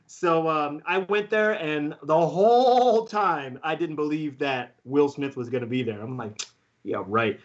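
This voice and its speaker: Excitable man telling a story. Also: a little high, a little slow, highs cut off. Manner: excitable, laughs often, many fillers. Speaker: guest beatboxer. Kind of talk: casual storytelling.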